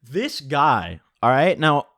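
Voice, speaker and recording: A man's voice: fairly high pitch, very animated, slow pace, fairly bright tone, no room sound, studio quality. A young man telling a profane, joking story in a casual vlog. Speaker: vlogger.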